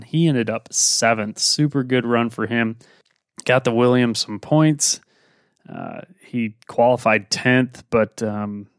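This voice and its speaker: A man hosts a motorsport podcast and talks through the weekend's results in a loose, rambling way, full of ums and uhs. His voice is smooth and clear at a middling pitch. It sounds close and dry, with no room around it. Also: dry recording. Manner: relaxed, rambling with many fillers. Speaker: podcast host. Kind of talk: casual motorsport recap.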